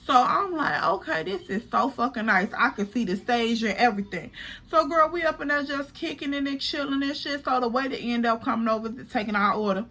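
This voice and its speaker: Young woman, bright animated storyteller voice, vlog storytime. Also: sits high, fairly quick. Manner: animated, chatty, profane, addresses viewers as girl. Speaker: storytime vlogger. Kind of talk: casual storytelling.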